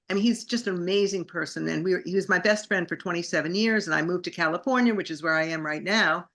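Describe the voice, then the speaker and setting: A woman's voice: fairly low pitch, gravelly, fairly bright tone. A middle-aged woman, a singer and actress, telling her story in an interview with an enthusiastic, grateful manner.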